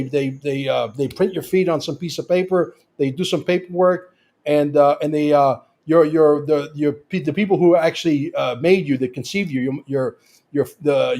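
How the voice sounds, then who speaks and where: A man's voice: fairly high pitch, darkish tone. A man speaking as a guest in casual conversation, emphatic and repetitive, with frequent restarts.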